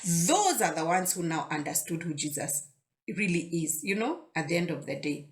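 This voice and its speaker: A woman's voice: fairly low pitch, big pitch swings, normal speed. A woman hosting a casual devotional talk, conversational and often repeating words as she thinks aloud. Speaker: devotional video host.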